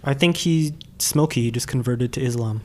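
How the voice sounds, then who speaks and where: Deadpan podcast co-host, dry quips, mid pitch. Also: normal speed. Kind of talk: casual anime recap chat.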